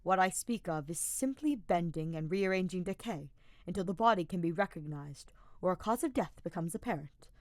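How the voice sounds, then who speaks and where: A woman's voice: on the low side, expressive, normal speed, a little mellow, no room sound, natural voice. A woman reading a fan-fiction audiobook, voicing a sardonic young male mage who explains in a dry, formal way. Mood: patient.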